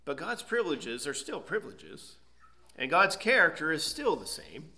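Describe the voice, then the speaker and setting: A man's voice: on the high side, huge pitch swings, moderate pace, creaky, pushed and bright. A man preaching an expository sermon, teaching emphatically and asking rhetorical questions. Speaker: pastor.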